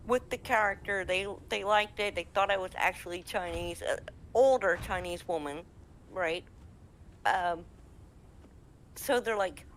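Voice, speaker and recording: A woman from the American Midwest, a game server admin, telling a lively story in casual chat and acting out the quotes. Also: mid-range voice, normal speed, slight background noise. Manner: lively, laughing, acts out quotes.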